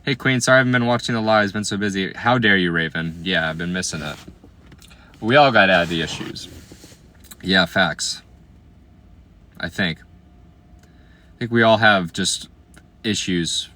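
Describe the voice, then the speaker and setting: Chatty young man with a bright voice. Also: low voice, unhurried, pauses often. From Iowa, USA. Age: 20s. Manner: chatty and playful, slangy, trailing off into quiet asides. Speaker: livestreamer. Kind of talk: casual livestream chat reading comments.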